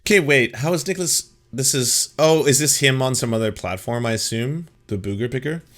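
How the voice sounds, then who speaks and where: A man's voice: medium pitch, brisk, fairly bright tone. A man hosting a casual political commentary chat, joking and rambling with restarts. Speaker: host.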